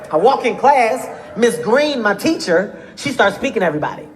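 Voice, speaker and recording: A man doing a stand-up routine, telling a loud story and shouting insults. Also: high voice, big pitch swings, a little fast. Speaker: stand-up comedian. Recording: echoey room with loud noise.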